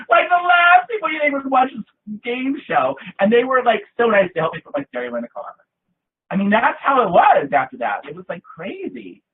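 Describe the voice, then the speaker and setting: A man guest in an interview, telling animated, theatrical stories in a casual chat. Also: high-pitched, husky. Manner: lively, theatrical storyteller with bursts of laughter. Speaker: guest, actor. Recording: tinny lo-fi line.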